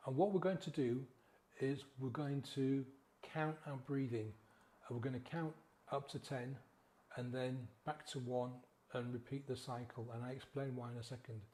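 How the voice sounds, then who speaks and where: A man guiding a slow, gentle breathing exercise as a sobriety coach, counting the breaths in a soothing way. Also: medium pitch, steady tone.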